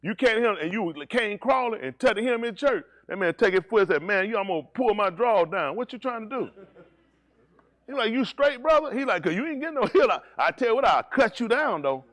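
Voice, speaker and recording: A male pastor preaching a sermon, swinging between low, steady teaching and high, shouted preaching, teasing members of his congregation. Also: fairly quick, no room sound.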